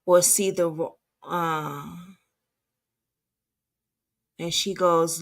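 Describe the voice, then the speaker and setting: Woman commentator, slow and halting, reads chat messages aloud with her own remarks, lower voice. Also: steady tone, gravelly. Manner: halting, stumbling reading with restarts. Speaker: advocate commentator.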